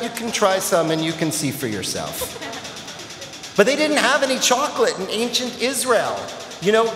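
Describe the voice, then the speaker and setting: A man telling a children's story at a temple service, playful and speaking to the audience. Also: high voice. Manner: lively, playful, addresses the audience. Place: temple sanctuary. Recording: echoey hall with long reverb.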